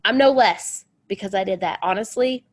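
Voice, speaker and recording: A woman's voice: medium pitch, moderate pace. A woman in her thirties hosting a chatty, rambling motivational pep talk with an encouraging tone. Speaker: host.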